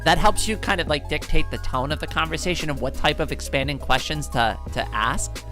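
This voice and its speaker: A woman's voice: sits low, a little fast, fairly bright tone, soft background music. Chatty woman streamer, "like, right?". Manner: chatty, peppers speech with "like" and "right?"; playful, laughs often. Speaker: live streamer. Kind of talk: casual advice chat.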